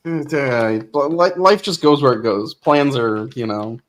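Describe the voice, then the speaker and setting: A man co-hosting a casual livestream chat, relaxed with a dry sense of humor. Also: medium pitch, slow, a little hiss or hum. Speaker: co-host.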